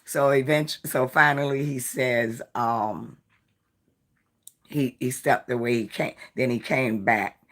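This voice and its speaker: A woman's voice: a bass voice, steady tone, slow pace. A tired woman hosting a live stream, chatting casually and rambling through a story while greeting viewers by name. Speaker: live-stream host of a jewelry design channel.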